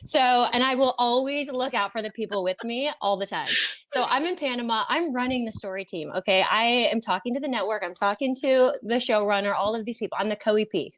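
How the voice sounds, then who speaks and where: A woman's voice: a little high, fairly quick. A woman who works as a reality TV producer tells a story on a podcast with drama and plenty of swearing, acting out her own panic. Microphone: podcast studio mic.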